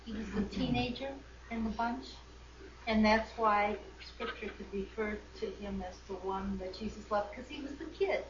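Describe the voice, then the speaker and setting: A woman's voice: medium pitch, moderate pace. A woman in a Bible study class, adding a matter-of-fact explanation. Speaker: class member. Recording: roomy, distant, lo-fi with noise.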